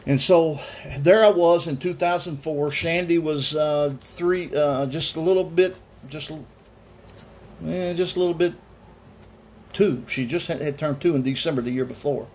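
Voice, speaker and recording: Male pastor, forties, slightly high-pitched, earnest testimony-style Bible teaching. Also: a little slow, darkish tone, slight background noise. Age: 40s. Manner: earnest personal storytelling.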